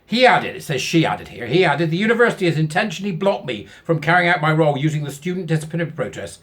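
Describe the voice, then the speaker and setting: High-voiced man, mocking commentary. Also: lively intonation, fast, a bit bright. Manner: sarcastic and scornful, laughing often at his own jokes. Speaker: commentary channel host. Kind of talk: reading a news article aloud with mocking commentary.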